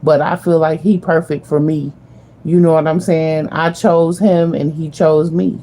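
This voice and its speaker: A woman's voice: low-pitched, flat delivery, a little slow, warm tone. A woman vlogger talking casually and earnestly to her viewers, repeating herself for emphasis, slangy and spiritual. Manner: emphatic, repeats phrases, addresses viewers directly. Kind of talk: casual heartfelt talk to viewers.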